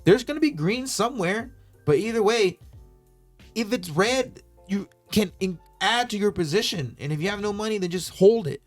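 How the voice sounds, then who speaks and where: A man's voice: high voice, lively intonation, normal speed, faint music behind. A man co-hosting a casual crypto podcast, earnest, giving firm advice and repeating his points. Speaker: podcast co-host. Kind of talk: casual chat.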